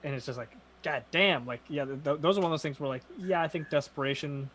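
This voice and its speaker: Blunt, swearing young podcast co-host. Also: male voice, fairly high pitch, quick pace, a little hiss or hum. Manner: blunt, swears often, animated storytelling. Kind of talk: casual chat.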